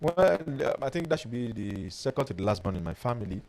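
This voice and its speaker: Animated man coaching a webinar. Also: mid-range voice, fairly quick, rough recording. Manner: animated storyteller who reads out viewer comments. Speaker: life coach hosting a webinar. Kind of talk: webinar teaching with personal stories.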